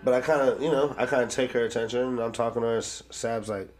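A young man co-hosting a casual podcast. He tells his story in a relaxed, easygoing way and swears now and then. Music plays clearly under his voice. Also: medium pitch, quick pace. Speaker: podcast co-host.

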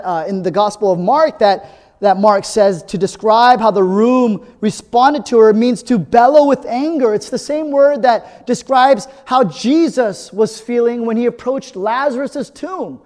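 A male pastor with a high-pitched, darkish voice preaches unhurriedly in a big, echoing room. His sermon is conversational and earnest, peppered with "right?", and it builds toward emphatic repeated phrases.

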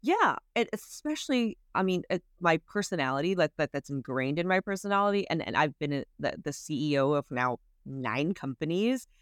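A woman's voice: deep voice, very animated, fairly quick, few pauses, clear, resonant tone, dry recording, studio quality. A woman in her thirties, a podcast guest, chatting casually and animatedly, laughing often and acting out her own inner voice. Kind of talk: casual interview chat.

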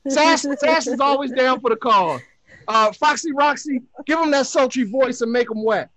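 A man's voice: extremely high pitch, moderate pace, pushed and bright, dry recording. A man hosting a podcast, bantering and laughing with crude jokes in casual chat. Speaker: podcast host.

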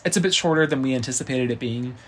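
A man's voice: medium pitch, fast, fairly bright tone, breathy edge. A man co-hosting a casual podcast, chatting and leaning on fillers like "um" and "like.". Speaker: podcast co-host. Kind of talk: casual chat.

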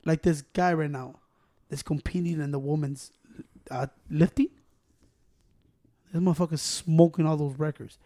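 A man co-hosting a casual chat, talking in a profane, animated way and saying "bro" a lot. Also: a little high, moderate pace, long pauses.

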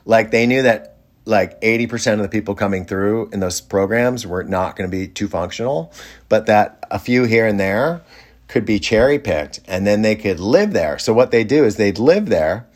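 A man telling a rambling story in a casual way, with many fillers and lively quoted voices. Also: on the low side, normal speed.

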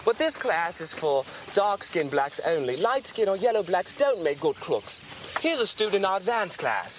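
A bright, singsong commercial announcer with a high voice that leaps around. It comes through a tinny phone line with steady hiss. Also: male voice, moderate pace. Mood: peppy. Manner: upbeat sales pitch. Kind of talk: comedy film sketch.

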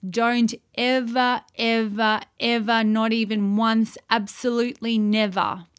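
A woman teaches from scripture at an unhurried, measured pace. She presses hard on repeated words for emphasis and reads each verse out carefully. Her voice sits at an ordinary middle pitch. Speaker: Bible teacher.

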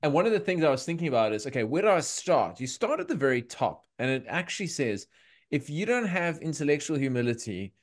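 An Australian man in a casual podcast chat, talking in an animated, emphatic way. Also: on the high side, fast.

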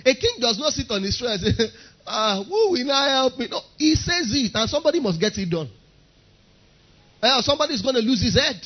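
A man's voice: very high voice, lively intonation, a little fast, breathy edge, lo-fi sound. A man preaching a sermon, emphatic and driving his points home by repeating key phrases.

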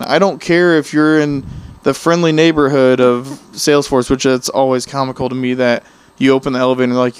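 A male podcast co-host rambles through casual stories, animatedly acting out the voices of the people he quotes. His voice is medium-pitched, clear and resonant, and he talks fairly quickly.

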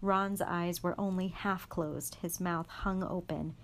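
A woman reading a chapter of a storybook aloud in a calm, even voice. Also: fairly low pitch, slow pace, a little hiss or hum. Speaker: guest reader.

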